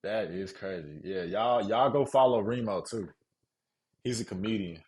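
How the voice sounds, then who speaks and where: Young Mississippi guy, Southern accent, lowish voice, relaxed slangy live-stream chatter. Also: moderate pace. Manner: laid-back slangy talk, reads chat aloud. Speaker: streamer building a PC. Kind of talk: casual live-stream chat to viewers.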